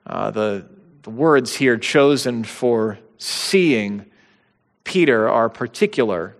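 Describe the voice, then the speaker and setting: Male pastor, mid-pitched, conversational sermon delivery with dramatic quotes, long hall reverb. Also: expressive, slow. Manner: conversational teaching with bursts of dramatic quotation.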